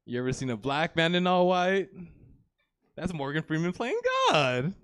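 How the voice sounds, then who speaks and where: A man's voice: fairly high pitch, normal speed, fairly bright tone, clean tone, dry recording, clean studio sound. A young man in his twenties doing a live stand-up set on a comedy theater stage, rambling and crude, with plenty of "you know" and "like".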